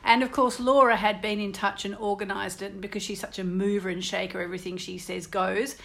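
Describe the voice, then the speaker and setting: A woman with an Australian English accent hosts a radio show in a relaxed, casual way. She talks in an animated, chatty manner and tells stories. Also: mid-range voice, fairly quick, gravelly. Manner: chatty, storytelling, laughs often, animated. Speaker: astrologer and radio show host.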